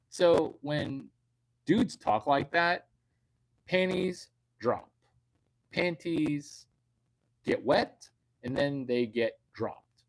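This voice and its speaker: A man's voice: fairly high pitch, expressive, takes it slowly, long pauses. A man, a comedian, giving a crude, rambling comedic monologue to online viewers and repeating his punchlines. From United States.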